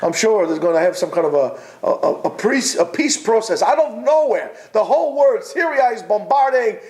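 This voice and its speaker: Male Torah teacher with a high voice, rhetorical and insistent, informal class delivery. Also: sing-song, moderate pace, a little mellow. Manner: emphatic, rhetorical, repeats points; talks directly to absent listeners.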